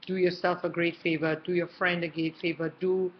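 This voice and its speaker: A woman's voice: on the low side, level tone, fairly quick, muffled recording. A middle-aged woman giving parenting advice to camera in a casual, chatty way, often checking in with her listener. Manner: warm, chatty, checks in often with "okay" and "all right".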